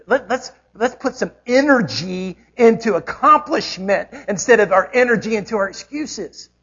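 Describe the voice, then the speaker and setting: Male pastor, slightly high husky voice, emphatic sermon delivery, muffled lo-fi recording. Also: fairly bright tone. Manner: emphatic preaching with rhetorical questions and repetition.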